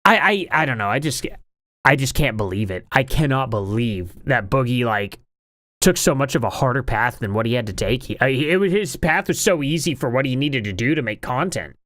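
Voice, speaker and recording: Lively, rambling male commentator. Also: mid-range voice, normal speed, no room sound, studio quality. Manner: rambling, opinionated and incredulous. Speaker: online commentary streamer. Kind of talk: casual commentary.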